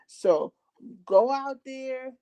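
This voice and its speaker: A woman's voice: sits high, drawn-out words, mellow, smooth. A woman guest who hosts her own podcast, talking candidly and heartfelt about her own experience, with frequent ums. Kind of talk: candid personal conversation.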